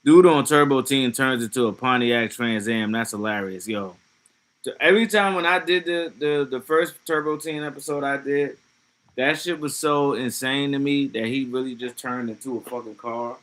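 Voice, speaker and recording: A man's voice: mid-range voice, moderate pace, fairly bright tone. A man streaming live, chatting casually and reacting to chat comments in a loose, profane way with laughing asides. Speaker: livestreamer.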